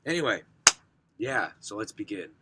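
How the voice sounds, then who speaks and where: A young man with a hoarse, rough voice from recent sickness, casually showing off his game collection, rambling and clearing his throat. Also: on the low side, big pitch swings, normal speed, heavy background noise. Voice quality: rough, smoker-sounding voice. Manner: rambling, self-correcting, frequent throat clearing.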